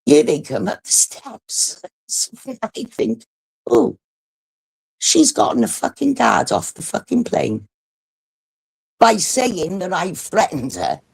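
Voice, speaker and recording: A middle-aged British woman hosts a livestream, bluntly and animatedly retelling a story with heavy swearing. Her voice is lowish, creaky and slightly rough, and she takes it slowly. It's casual storytelling.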